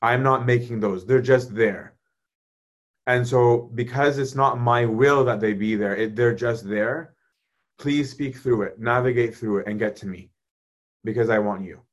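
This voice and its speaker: A man, a priest, talking casually about faith and answering viewers' questions in a conversational, animated way. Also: mid-range voice, measured pace. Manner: conversational, animated, often asks "right?".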